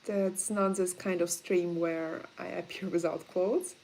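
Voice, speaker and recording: A woman's voice: lowish voice, slow pace, slight background noise. A woman with a Russian accent answering viewer questions in a casual livestream, blunt and frank in her chatty talk.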